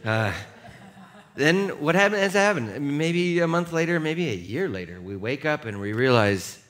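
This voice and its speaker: Male pastor, middle-aged, animated sermon delivery, laughs at himself, bright forceful tone. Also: on the high side, measured pace. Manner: has the congregation read along aloud.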